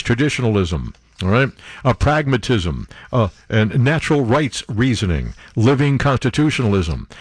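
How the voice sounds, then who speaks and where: Man, talk radio host, sarcastic, rambling, lively up-and-down voice, dry studio sound. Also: medium pitch, dry recording. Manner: sarcastic, rambling, laughs at own jokes.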